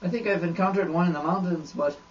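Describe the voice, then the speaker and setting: A man's voice: high-pitched, fast talker, close to an everyday voice. A man putting on a rambling Irishman with a crude, boastful swagger. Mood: deadpan rambling. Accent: put-on Irish. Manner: rambling absurd deadpan monologue. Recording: dull lo-fi audio with faint noise.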